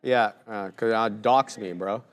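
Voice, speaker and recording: A young man co-hosting a live stream, laid-back and joking, giving enthusiastic shout-outs. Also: on the low side, steady tone, measured pace. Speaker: co-host.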